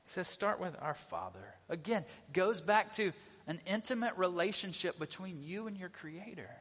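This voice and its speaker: A man's voice: sits high, lively intonation, moderate pace, a bit bright. A middle-aged male pastor giving a conversational sermon, often asking the congregation questions. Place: church sanctuary. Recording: long reverb of a church hall.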